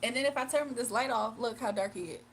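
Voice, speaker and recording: Woman, Southern Virginia accent, somewhat high voice, laughs a lot, livestream chat, faint noise behind. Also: fairly quick, creaky, low-quality recording. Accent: Southern US, Virginia with Atlanta influence. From Virginia, USA. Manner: chatty, laughs often, reads chat aloud and answers. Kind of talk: casual late-night live chat.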